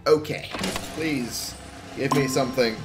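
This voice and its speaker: A man's voice: mid-range voice, measured pace, heavy background noise. Sarcastic swearing let's play man. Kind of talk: casual gameplay commentary. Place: home. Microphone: headset.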